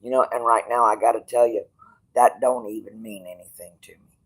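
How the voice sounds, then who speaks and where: A man livestreaming from a hospital bed, rambling bluntly and with swearing, going from quiet musing to loud, stubborn outbursts. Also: on the low side, steady tone, brisk, husky, rough recording. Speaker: streamer.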